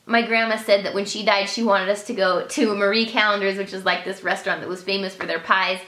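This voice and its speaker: Talking a little fast, this woman has a mid-range voice with a steady but sharp tone. She's a beauty vlogger giving an earnest, emotional, sincere personal talk to camera, recorded in an echoey room.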